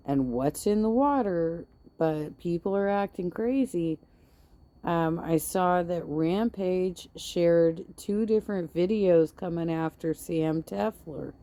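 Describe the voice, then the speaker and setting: Blunt sarcastic woman streamer, low mellow voice, slow and unbothered, swears a lot. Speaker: livestream host. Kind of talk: casual drama commentary.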